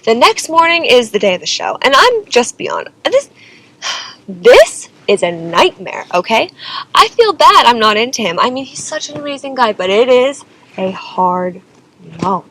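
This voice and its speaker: A woman's voice: fairly high pitch, sing-song, normal speed, sharp tone, low-quality recording. A young woman singer telling a personal story in a dramatic, exasperated way, often saying "like" and "okay?". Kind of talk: confessional storytelling vlog.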